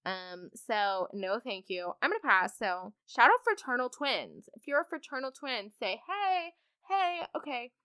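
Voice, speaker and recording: A woman's voice: mid-range voice, animated, moderate pace, few pauses, pushed and bright, clean tone, no echo, clean studio sound. A young woman hosting a podcast, chatting casually through listener stories with lots of likes and ums. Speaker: podcast host. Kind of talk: casual storytime chat.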